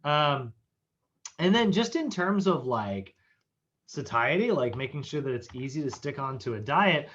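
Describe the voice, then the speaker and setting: A man's voice: a little high, sing-song, unhurried, fairly bright tone, muffled recording. A man teaching a casual online nutrition lecture over a video call, chatty and full of fillers, often laughing. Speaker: fitness nutrition instructor.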